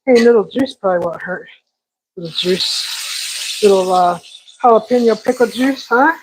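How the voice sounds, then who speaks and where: A woman hosts a live cooking stream from her kitchen, chatting away and joking with the food on the stove. Her voice sits at a middle pitch. Faint kitchen noise runs underneath. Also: moderate pace. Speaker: cooking show host. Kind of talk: casual live cooking chat. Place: home kitchen.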